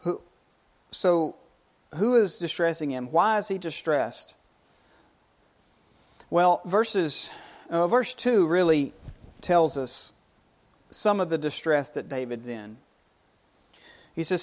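A man preaching a sermon, unhurried, often repeating and restarting his phrases as he explains a psalm. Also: fairly high pitch, expressive.

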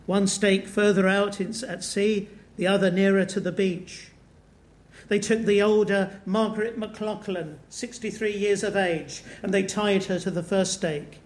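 A man preaching a sermon and telling stories earnestly, slowing down for emphasis. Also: high voice, fairly even intonation. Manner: earnest storytelling, slows down for emphasis.

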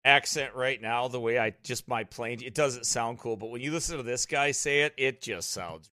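Bright-voiced rural American man preaching. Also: mid-range voice, moderate pace, no room sound, clean studio sound. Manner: repeats phrases, exclaims, wonders aloud. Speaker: host reacting to a documentary. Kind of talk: excited preachy commentary.

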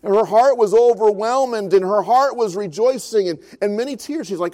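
A man in his fifties preaching a sermon as pastor, earnest, rising in force and then dropping to a soft, slow hush. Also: high voice. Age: 50s.

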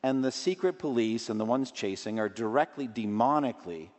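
A man preaching a sermon in an earnest way, his voice rising in pitch and force when he stresses a point. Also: a little fast, darkish tone, big-room sound.

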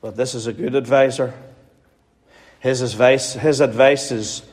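A man's voice: medium pitch, steady tone, a little slow, a little mellow. A man with a Northern Irish accent preaching a sermon in an earnest, pleading way, repeating phrases for emphasis. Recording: hall reverb.

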